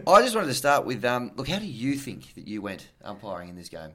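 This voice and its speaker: A man's voice: medium pitch, huge pitch swings, fairly quick, fairly bright tone. A man hosting a podcast, loose and teasing in casual banter. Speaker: podcast host.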